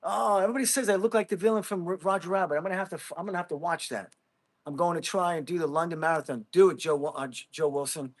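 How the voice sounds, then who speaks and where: Blunt high-voiced man livestreaming. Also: fast. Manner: blunt, emphatic, calls viewers bro. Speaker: livestream host. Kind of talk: casual livestream chat, reading comments.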